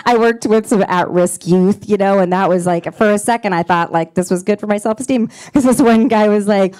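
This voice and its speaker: A woman in her forties doing a stand-up comedy set on a club stage, dropping deadpan punchlines between giggles and fillers. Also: mid-range voice, a little fast, clear, resonant tone. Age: 40s.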